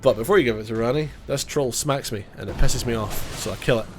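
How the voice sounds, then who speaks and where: A man's voice: medium pitch, fast, background noise. Casual joking man with a cold. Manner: casual, joking, self-mocking, swears. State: has a cold. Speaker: gaming YouTuber. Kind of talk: gameplay commentary.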